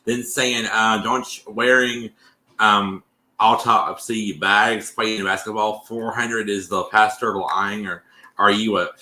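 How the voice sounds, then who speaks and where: A man on a livestream reading a post aloud haltingly, stumbling over words with fillers. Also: on the low side, fairly even intonation, pushed and bright, echoey room.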